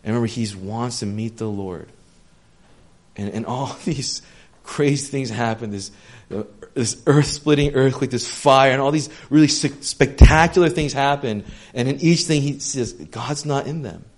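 Earnest, gentle male preacher. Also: medium pitch, normal speed. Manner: earnest and gentle, with casual fillers. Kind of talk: sermon.

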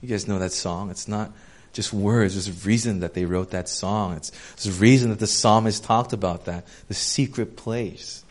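A young man preaches conversationally, growing loud and animated as he retells a story, then dropping to a soft hush when he reflects. His pitch is fairly low.

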